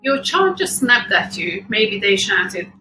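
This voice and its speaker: Slow, bright-voiced woman parenting host. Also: mid-range voice, soft background music, poor audio. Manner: calm, measured and reassuring. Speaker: podcast host. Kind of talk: scripted parenting advice talk.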